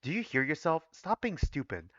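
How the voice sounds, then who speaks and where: A man reading as an exasperated doctor with a sarcastic, scolding edge. Bright, forceful tone on a dull, dry home recording. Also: a little high, wildly swooping pitch, moderate pace, no room sound, full character voice. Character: blunt, exasperated staff doctor. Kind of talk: reading a visual novel aloud.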